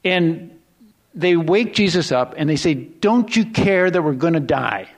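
Male pastor, sermon delivery, slightly high voice, chatty and rambling, with quiet asides and rising emphasis. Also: a little slow. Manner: conversational, rambling with restarts and self-corrections; swings between hushed low asides and rising excited emphasis.

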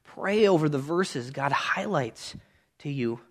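A man in his thirties preaching a sermon, earnest and conversational, rising loud on key points and dropping to quiet asides. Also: on the high side, expressive, slow.

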